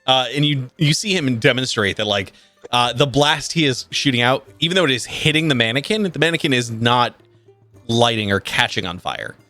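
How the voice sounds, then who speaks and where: A man runs a tabletop game as game master, narrating in a loose, rambling way with many filler words. His pitch sits in the middle, and the sound is dry and close. Faint music plays underneath. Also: lively intonation, normal speed, sharp tone, no room sound. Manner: casual, rambling, heavy use of filler words.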